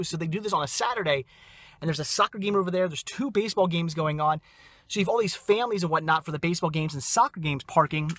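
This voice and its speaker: This vlog host, a young man with a slightly high, sharp-toned voice, chats casually outdoors at a yard sale. He rambles with enthusiasm, often correcting himself and returning to "very cool" and "awesome."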